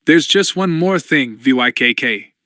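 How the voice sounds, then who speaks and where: A man voicing a weary, anxious young woman who speaks softly and hesitantly in an audiobook. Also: fairly high pitch, animated, a little slow, no room sound, clean studio sound. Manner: soft, pleading, uncertain.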